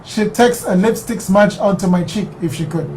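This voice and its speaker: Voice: medium pitch, normal speed, a little mellow, faint music behind, rough recording. A reader, reading a novel aloud on a live stream and breaking off now and then to puzzle over words and comment. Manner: reads in first person, breaks off to question words.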